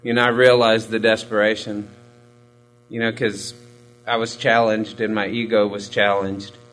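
A man's voice: on the low side, little pitch movement, moderate pace, a bit bright, a little hiss or hum, low-quality recording. A man giving a candid, profane personal testimony in a rambling, self-mocking way, full of fillers. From Hispanic military family background. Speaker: recovery storyteller.

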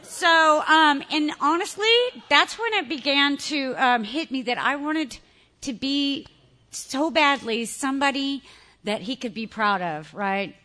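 Bright, high-pitched woman telling her story. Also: unhurried. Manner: candid, animated, laughs often. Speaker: speaker sharing recovery story. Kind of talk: personal testimony to an audience.

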